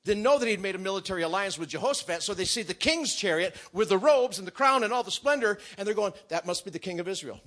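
A man preaching a sermon, telling a story with great animation and acting out the characters, sometimes shouting and sometimes whispering. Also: high-pitched, animated, quick pace, hardly any pauses.

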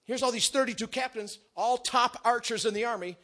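A preacher with an extremely high-pitched voice delivers a sermon briskly, telling a story with great animation. He acts out the characters, swinging between shouts and whispers.

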